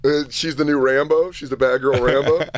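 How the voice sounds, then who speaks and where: A man's voice: mid-range voice, steady tone, a little fast, no echo. A man co-hosting a comedy podcast, riffing on a clip and mocking the people in it with put-on voices and laughter. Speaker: podcast co-host. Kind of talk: casual comedic commentary.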